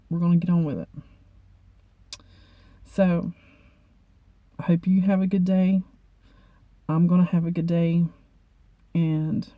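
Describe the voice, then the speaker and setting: A woman vlogger talking to camera in a halting, heartfelt way, often repeating herself. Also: on the low side, dry recording, phone-quality sound. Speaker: beauty vlogger. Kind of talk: personal talk to camera.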